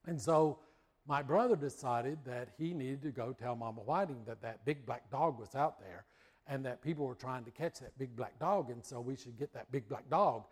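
Speaking at a normal speed in a husky, medium-pitched voice, a middle-aged man from the US tells a childhood tale during a sermon. His folksy delivery includes acted-out voices and barking.

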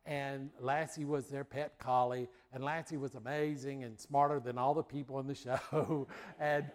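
A man's voice: medium pitch, fairly even intonation, moderate pace. A middle-aged man from the United States preaching a sermon, telling a childhood story in a folksy way. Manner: folksy storytelling, acts out voices and barks.

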